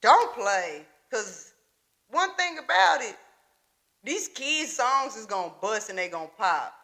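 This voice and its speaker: Young female podcast co-host, bright and a little high, animated and slangy. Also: unhurried. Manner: animated, profane, slangy, sings snippets. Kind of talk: casual chat.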